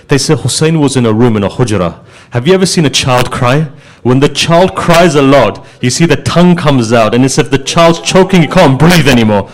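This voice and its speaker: A man preaching a sermon as a story, his delivery emotional and moving between animated passages and hushed, grieving ones. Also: mid-range voice, fairly quick.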